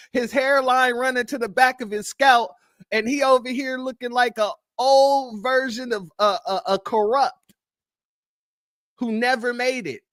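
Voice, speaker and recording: High-voiced man mocking with laughter. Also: fairly bright tone, no echo, studio quality. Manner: laughing, teasing, talks to his audience as family. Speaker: online show host. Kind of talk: mocking commentary.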